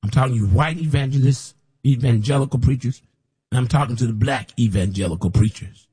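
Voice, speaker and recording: A man preaching as a prophet in an impassioned sermon, repeating himself and rising to shouts when mocking others. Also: mid-range voice, brisk, breathy edge. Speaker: self-styled prophet preacher.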